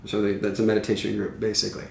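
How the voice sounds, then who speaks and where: A man's voice: lowish voice, racing, creaky, far from the mic. A man from Iowa telling stories about his home in a casual podcast chat, laughing often. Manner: laughs often, animated storytelling with acted quotes. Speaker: podcast guest, carpenter. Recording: roomy, from off the mic.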